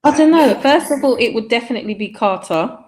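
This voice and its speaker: Woman co-hosting, a bit high pitched, frank and laughing. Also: lively intonation, quick pace, noisy background. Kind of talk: casual chat.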